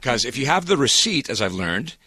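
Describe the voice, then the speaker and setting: A man's voice: very animated, a little fast, sharp tone, slightly rough. A Canadian man co-hosting a morning radio show, telling a comic story with exasperation and acting out the quoted lines. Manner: exasperated, comic, acts out quoted dialogue with big pitch jumps.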